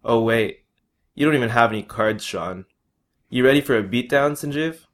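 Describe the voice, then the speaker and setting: A man's voice: mid-range voice, moderate pace, fairly bright tone, lightly acted. A man voicing a gleeful boy who gloats and teases his friends over a card game. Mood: gloating. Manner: gloating, teasing.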